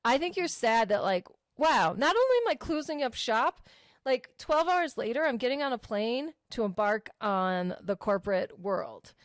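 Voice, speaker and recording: A woman's voice: fairly high pitch, expressive, moderate pace, no room sound, clean studio sound. Blunt, foul-mouthed woman co-host. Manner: blunt, swears freely, dark jokes. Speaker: podcast co-host. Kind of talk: casual chat.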